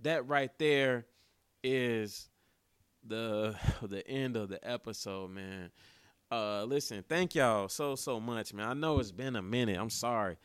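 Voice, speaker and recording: A young man hosting his own sports podcast, talking casually and excitedly, cursing often and tossing in "man" and "yo" again and again. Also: medium pitch, slow pace, smooth, no room sound. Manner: excitable, animated, swears freely, repeats "man" and "yo". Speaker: podcast host.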